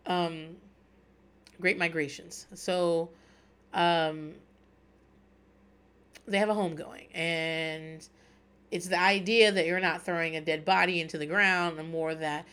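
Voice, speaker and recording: A woman's voice: on the low side, fairly even intonation, slow, pauses often, a bit bright, smooth. A woman in her thirties hosting a podcast, chatting candidly and swearing freely as she recaps a show. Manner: profane, candid and wry. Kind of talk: casual chat.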